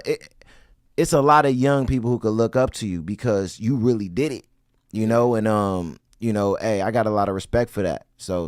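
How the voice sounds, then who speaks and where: A man's voice: mid-range voice, darkish tone, no room sound, clean studio sound. A man hosting a casual interview, laid-back and slangy, laughing easily. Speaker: interviewer, host.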